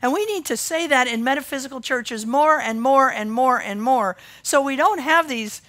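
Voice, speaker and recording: A woman pastor preaching a sermon, swinging from loud emphasis to quiet intensity. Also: high voice, moderate pace.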